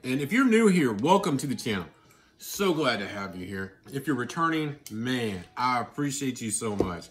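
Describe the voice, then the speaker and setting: Man, casual vlog chatter, eating on camera, excitable, lively swooping pitch. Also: normal speed. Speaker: vlogger.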